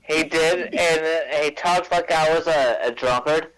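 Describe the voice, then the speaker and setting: A man co-hosting a casual chat show, talking in a halting, stumbling way. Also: fairly high pitch, a bit bright, low-quality recording. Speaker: podcast co-host. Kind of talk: casual banter.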